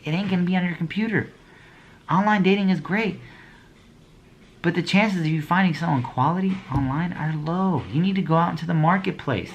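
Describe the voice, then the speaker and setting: A man's voice: sits high, a little fast, dull audio, slight background noise. A young man giving a motivational talk to small business owners, with a preachy, blunt delivery, slang, and slogans he repeats over and over. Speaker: motivational speaker.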